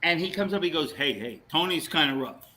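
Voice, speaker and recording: A man's voice: on the high side, brisk, low-quality recording. A man telling a story in casual chat, acting out what people said to him. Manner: animated storyteller, acts out quotes.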